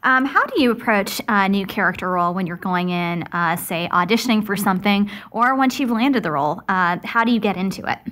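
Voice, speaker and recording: A woman's voice: mid-range voice, fairly quick, few pauses, a bit bright. A woman interviewing a guest, asking friendly questions and laughing along.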